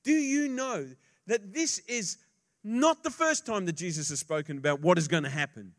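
A male pastor preaching a sermon, swinging between hushed asides and loud emphasis, and joking casually with the congregation. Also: high voice, moderate pace.

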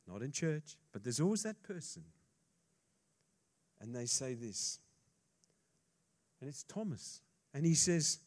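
A male pastor preaching a sermon, swinging between hushed asides and loud emphasis, and joking casually with the congregation. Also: mid-range voice.

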